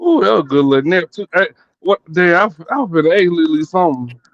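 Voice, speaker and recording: Casual high-voiced male host, rambling and profane, dull dry recording. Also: big pitch swings, brisk, no echo. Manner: rambling, repeats words, laughs often. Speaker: podcast host. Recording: dull lo-fi sound.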